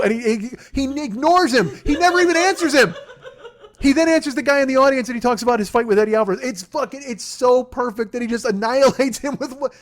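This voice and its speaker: A man in his forties hosting a podcast, telling a story in a casual, profane, animated way and laughing at his own retellings. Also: very high-pitched, quick pace. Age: 40s. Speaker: podcast host.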